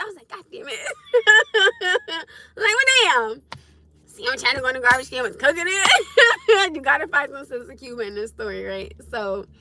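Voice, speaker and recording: A woman hosting a livestream, telling a personal story in a casual, animated way with frequent laughter and cursing. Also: high-pitched, noisy background. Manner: animated, laughing, swearing freely. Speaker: livestream host.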